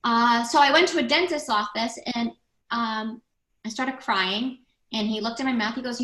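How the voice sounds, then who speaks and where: Brief: middle-aged woman guest, blunt animated storyteller, bright higher voice, echoey room. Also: normal speed. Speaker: guest, recovery center founder. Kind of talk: casual podcast interview.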